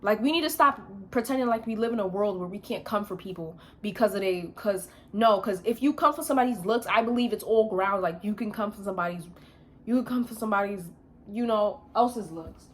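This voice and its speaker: A woman's voice: medium pitch, fairly quick. A young woman vlogging, telling a story in a blunt, emphatic rant full of slang.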